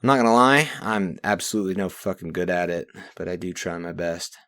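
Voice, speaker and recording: A man's voice: deep voice, a little fast, a bit bright. A young man recapping his week from a journal in a rambling, profane monologue that swings into rants. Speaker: vlogger reading his journal.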